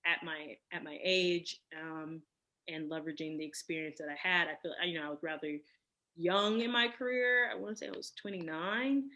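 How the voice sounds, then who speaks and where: A woman in her thirties, a guest on an interview podcast, answering in a reflective, unhurried way. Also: on the low side, bright, forceful tone. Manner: reflective, many fillers and restarts. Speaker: podcast guest, cosmetic chemist. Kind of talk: casual interview.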